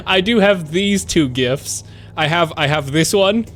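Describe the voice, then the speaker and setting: Rambling, excitable male streamer. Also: a little high. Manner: rambling, excitable, swears freely. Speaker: live streamer. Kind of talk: casual live-stream chat.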